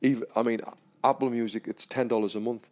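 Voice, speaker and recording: A man's voice: mid-range voice, fairly even intonation, fast talker, a little mellow. Laid-back, sweary young man telling stories. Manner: laid-back, sweary storyteller with frequent restarts. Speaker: podcast co-host. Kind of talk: casual podcast chat.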